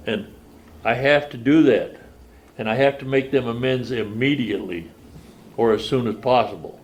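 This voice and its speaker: An older man tells his recovery story as a personal testimony in a meeting room, speaking plainly and folksily. His voice is lowish, with slight background noise.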